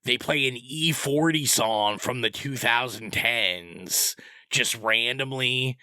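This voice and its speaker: A man's voice: mid-range voice, takes it slowly, sharp tone, no echo. A man co-hosting a podcast, giving rambling, opinionated movie recommendations in casual chat. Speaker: podcast co-host.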